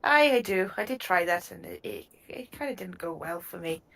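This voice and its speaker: A woman's voice: on the low side, expressive, moderate pace, fairly bright tone. Woman putting on a chirpy Irish gnome lass. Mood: cheerful. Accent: put-on Irish. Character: cheerful female gnome with put-on Irish lilt.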